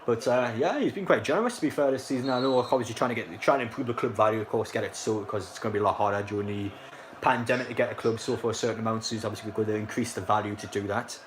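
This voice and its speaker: A man's voice: lowish voice, very fast, slight background noise. A young man, casually commentating a football match live and chatting to viewers in a rambling way. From North East England. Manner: rambling, filler-heavy, reacts to chat.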